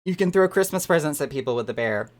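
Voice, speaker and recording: A game streamer chatting casually with live viewers, animated and quick to laugh, who trails off and repeats words while searching for them. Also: medium pitch. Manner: animated, excitable, laughs often.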